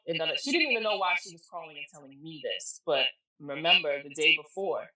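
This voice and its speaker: A middle-aged woman with a low, slightly quick voice shares an emotional personal story as a guest on a casual podcast. She is blunt, emphatic and animated, performing the voices of the people she quotes. The audio comes from an echoey room with a distant mic.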